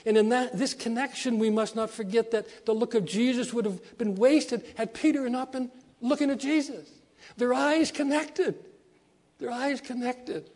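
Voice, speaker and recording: Pastor guy preaching, kinda high voice but mellow, repeats stuff a lot, gets quiet then loud. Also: normal speed, hardly any pauses. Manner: preaching with rising emphasis and repeated phrases. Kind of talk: sermon.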